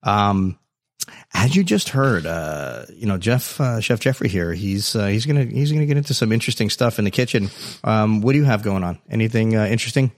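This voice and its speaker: A man's voice: lowish voice, expressive, a little fast. A man hosting an interview podcast, jokey and encouraging, bantering with his guests. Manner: jokey, encouraging, repeats catchphrases. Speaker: podcast host. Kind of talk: casual interview chat.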